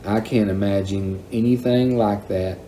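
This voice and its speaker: A man reading aloud and voicing a stern mother who speaks slowly and coldly, then hard. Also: medium pitch, dark tone, reverberant, slight background noise, close to an everyday voice, rough recording. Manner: slow, cold, hard-voiced. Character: stern, cold country mother.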